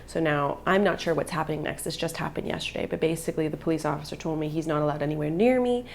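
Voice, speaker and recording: Give me a woman vlogger with a gravelly voice, telling her own story earnestly. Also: sits low, fast talker, slight background noise. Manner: earnest, emotional retelling. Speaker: vlogger and mother. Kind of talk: personal storytelling vlog.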